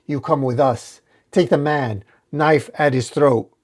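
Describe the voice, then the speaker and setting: A man's voice: fairly high pitch, fairly even intonation, takes it slowly. A man voicing a harsh masked male cult warrior in a comic read-aloud, barking orders. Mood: demanding. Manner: barked orders.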